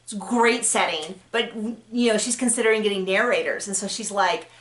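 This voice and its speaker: A woman's voice: mid-range voice, fairly quick, fairly bright tone. A woman author giving casual writing advice, chatty and full of fillers and self-corrections. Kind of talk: casual advice talk to camera. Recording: roomy echo.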